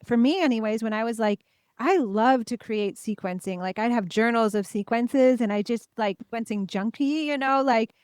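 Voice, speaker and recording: A woman interviewer with a slightly higher voice chats casually, with many fillers and a lot of affirming her guest. The recording is dry and close. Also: normal speed, a little mellow, clean tone, no room sound. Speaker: podcast host, interviewer. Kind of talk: interview conversation.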